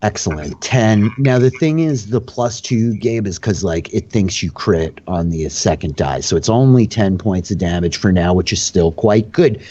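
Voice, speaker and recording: Husky-voiced man running a tabletop game. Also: lowish voice, normal speed, few pauses, lo-fi sound. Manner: relaxed, filler-heavy explaining of rules. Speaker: dungeon master and host.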